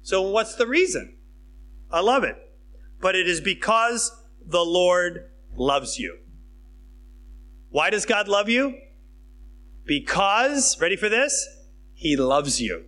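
A man preaching a sermon in a conversational, emphatic way, dropping to hushed tones and then rising with excitement. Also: high voice, slow pace, long pauses. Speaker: pastor.

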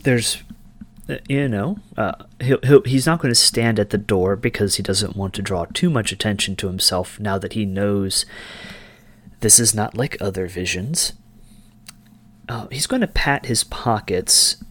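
A man's voice: on the low side, a little slow, a bit bright. A man playing a tabletop role-playing game, thinking aloud about his character's choices with many fillers. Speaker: player. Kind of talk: casual tabletop game chat.

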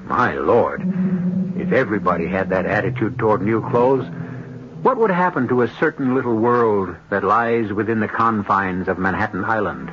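A man hosting a radio mystery show, giving scripted introductions in a measured, wry manner with dramatic pauses. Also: lowish voice, a little hiss or hum. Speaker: host. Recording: dull old radio broadcast with music.

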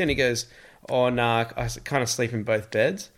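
A man's voice: mid-range voice, fairly even intonation, moderate pace, fairly bright tone. A man chatting casually, telling a funny story and laughing easily. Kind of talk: casual chat.

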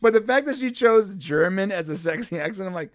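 A man's voice: sits high, expressive, fairly quick, no room sound, studio quality. A man co-hosting a podcast, joking around in casual banter and laughing often. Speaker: podcast co-host.

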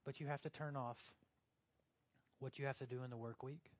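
A man preaching a sermon in a conversational way, swinging from loud emphasis down to a hushed, near-whispered delivery. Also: mid-range voice, fairly even intonation, fairly quick. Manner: conversational, with fillers like "like" and "uh". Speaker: pastor.

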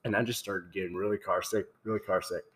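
A man's voice: low voice, fast talker. A young man, casually telling a funny story on a podcast and laughing as he talks. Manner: animated, laughs while telling stories. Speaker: podcast host.

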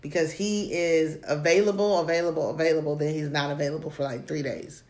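A woman with a low voice chats casually about dating, telling stories in an animated way with frequent laughs. She sounds like she is in an echoey room. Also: a little fast. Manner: animated storytelling, laughs often. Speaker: podcast co-host.

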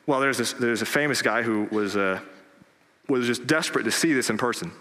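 A male pastor preaching a sermon in earnest, rising for emphasis and dropping low on key words. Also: brisk, sharp tone. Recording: long reverb of a large hall.

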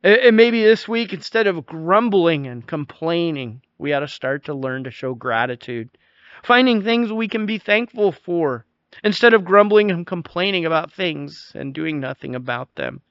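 A man's voice: on the high side, lively intonation, moderate pace, smooth, dry recording, highs cut off. A male pastor preaching a sermon, emphatic, telling stories and laughing now and then.

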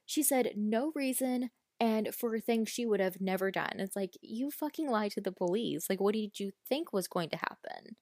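A woman's voice: medium pitch, lively intonation, moderate pace, few pauses, a little mellow, no room sound, clean studio sound. A woman hosting a casual true-crime podcast, telling the story bluntly with swearing and indignant asides. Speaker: podcast host.

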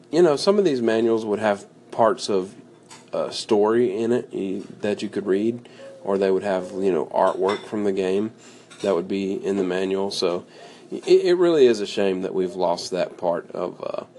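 Deep-voiced man with a slight hiss behind, chats loosely on his radio show, lots of restarts. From US South. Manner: rambling, self-interrupting, joking asides. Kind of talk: casual solo radio talk.

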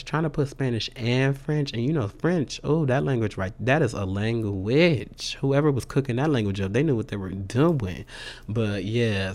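A man in a casual vlog update, talking excitedly and loosely with many fillers and slang like y'all. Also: lowish voice. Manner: says "y'all" and "sis". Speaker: vlogger.

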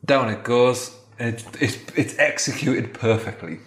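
A man improvising a comic story in a chatty, animated way. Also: medium pitch, measured pace. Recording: roomy echo.

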